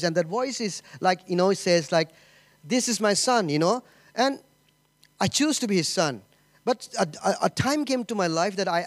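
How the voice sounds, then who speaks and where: A middle-aged man giving an informal sermon, halting and repeating himself, often saying "you know" and "okay?". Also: high-pitched, no room sound. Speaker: pastor.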